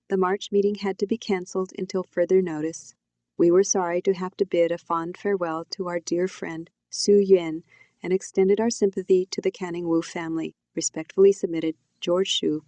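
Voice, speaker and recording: A woman reads her novel aloud in a quiet, reflective first-person voice. Her tone is low and mellow. The sound is dry and close to the mic, with no room around it. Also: no room sound. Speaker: author reading her novel. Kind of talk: audiobook narration.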